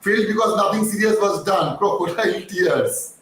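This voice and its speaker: A man rants through a live-stream fan commentary in a fairly high voice, swearing and then apologizing for his heat. He sounds set back from the mic in a very echoey space with a faint hiss underneath. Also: normal speed, fairly bright tone, far from the mic. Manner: heated, ranting, swears, apologizes for getting hyper. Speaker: fan channel host.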